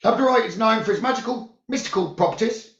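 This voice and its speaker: A man who works as a psychic medium, giving calm, soothing spiritual guidance about the new moon, crystals and journaling. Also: sits high, fast talker. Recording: roomy, dull lo-fi sound.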